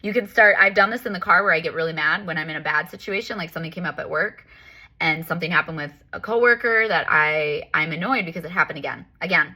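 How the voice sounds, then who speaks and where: A woman talks through her spiritual practice in an easy, personal monologue. Her voice sits fairly low yet sounds bright and forceful, and she leans on repetition and emphatic self-talk. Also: fast, breathy edge. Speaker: spiritual life coach. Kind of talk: casual reflective self-help monologue.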